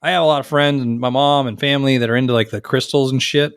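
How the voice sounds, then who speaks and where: A man's voice: mid-range voice, quick pace, smooth, dry recording, studio quality. A man co-hosting a podcast, telling stories in casual banter, swearing freely and acting out other people's lines. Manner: profane, animated, acts out others' lines. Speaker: podcast co-host.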